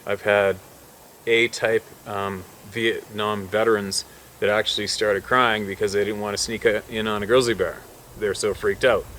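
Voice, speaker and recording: A man working as a hunting guide, telling a wild story in a casual, animated way and swearing freely. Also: fairly low pitch, normal speed, a little hiss or hum.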